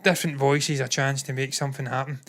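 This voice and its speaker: A man's voice: mid-range voice, level tone, quick pace, crowd noise. A man co-hosting a casual movie news chat, opinionated and jokey. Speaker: co-host.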